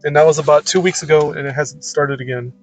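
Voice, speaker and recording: A man's voice: on the high side, steady tone, fast, soft background music, rough recording. A man giving a casual, rambling monologue about faith, blunt and full of "like" and "man.". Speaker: channel host.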